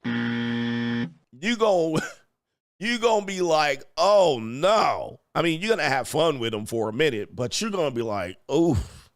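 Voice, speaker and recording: A man's voice: medium pitch, big pitch swings, unhurried, long pauses. A man hosting a show, telling crude comedic stories in heavy slang and acting out quotes. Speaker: podcast host. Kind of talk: crude comedic riffing to a live chat.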